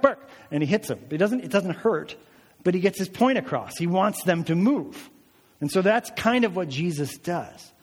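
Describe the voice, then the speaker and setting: A man preaching a sermon, telling the story in a conversational, animated way and asking many rhetorical questions. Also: high-pitched, long reverb tail. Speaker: pastor.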